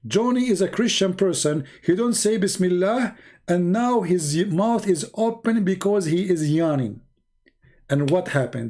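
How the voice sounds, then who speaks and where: A man's voice: high-pitched, darkish tone. A middle-aged man giving a sarcastic, theatrical live-stream monologue in broken English, mocking as an online religious debater.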